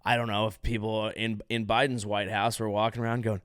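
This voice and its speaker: A man's voice: lowish voice, flat delivery, a little fast, fairly bright tone, smooth, no echo, clean studio sound. A male comedian hosting a podcast, delivering a sarcastic, rambling monologue full of restarts and mock-grand declarations. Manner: sarcastic, rambling, self-interrupting.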